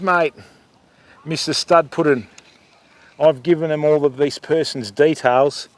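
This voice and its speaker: A middle-aged Australian man hosting a fishing livestream outdoors, chatting casually with viewers and calling them mate. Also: mid-range voice. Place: outdoors by the water.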